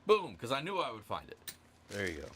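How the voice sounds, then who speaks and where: A livestream host handles a giveaway casually, wandering off topic and joking about himself. His medium-pitched voice swings hugely in pitch, moves fairly quickly, and sounds a bit bright, with slight background noise.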